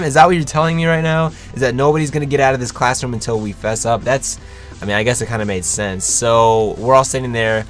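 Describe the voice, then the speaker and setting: A man's voice: mid-range voice, fairly quick, faint music behind. A young man casually telling a story to his viewers, swearing freely and acting out what people said. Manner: animated, swears freely, acts out quotes. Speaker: vlogger.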